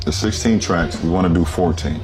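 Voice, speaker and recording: A man with a very deep voice talks casually in a meeting, pitching an idea in a relaxed way. Music plays clearly behind him in the clip. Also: a little fast.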